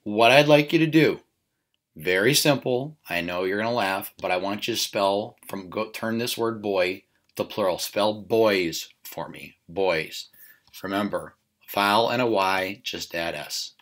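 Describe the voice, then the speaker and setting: A man teaching a recorded spelling lesson, repeating words slowly and checking in with "okay?" often. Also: lowish voice, a bit bright.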